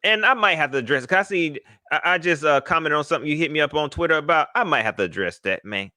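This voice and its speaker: A man hosting a casual live sports talk stream, animated and shouting out viewers by name. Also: fairly high pitch, fast talker, no echo, clean studio sound. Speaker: livestream host.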